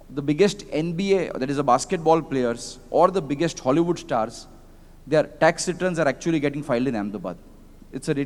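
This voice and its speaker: A man with an Indian English accent speaks at a quick clip, his voice sitting a little high as he tells stories on a conference panel and drops in Hindi phrases. His words ring out with a long reverb through a large convention hall. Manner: animated storyteller who mixes in Hindi phrases. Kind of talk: conference panel talk with anecdotes.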